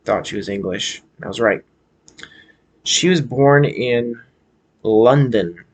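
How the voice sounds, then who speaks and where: A man's voice: mid-range voice, takes it slowly. An American man vlogging in a casual, hesitant way, with many fillers and restarts as he chats about a movie. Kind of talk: casual rambling movie chat.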